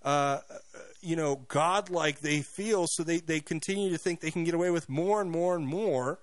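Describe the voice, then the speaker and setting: A man's voice: a little high, dry recording. A male radio talk show host giving a mocking, opinionated monologue with many restarts and repeated words. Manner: fast, mocking, repeats himself.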